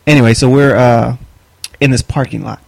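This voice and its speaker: A man's voice: mid-range voice, steady tone, normal speed, creaky, no room sound. A man co-hosting a podcast, talking bluntly and profanely in casual chat. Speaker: podcast co-host.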